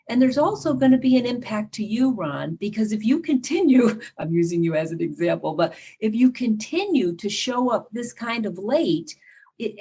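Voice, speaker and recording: Middle-aged woman, husky voice, earnest guest who explains by acting out examples. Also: on the high side, mellow. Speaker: podcast guest and leadership teacher. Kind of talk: conversational interview talk.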